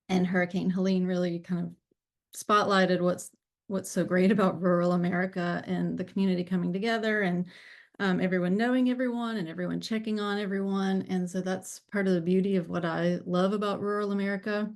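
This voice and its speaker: A woman's voice: fairly low pitch, fairly even intonation, fairly quick. Earnest woman from Appalachian North Carolina. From Southern Appalachian North Carolina. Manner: earnest, candid, with frequent ums and restarts. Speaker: guest speaker, peer support program director. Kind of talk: personal testimony in a webinar.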